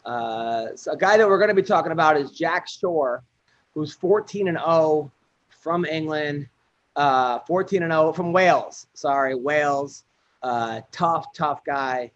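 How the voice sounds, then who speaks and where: A man's voice: a little high, measured pace, lo-fi sound. A man hosting a podcast, casually running through upcoming fights with lots of fillers. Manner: rambling fight rundown with fillers. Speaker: podcast host.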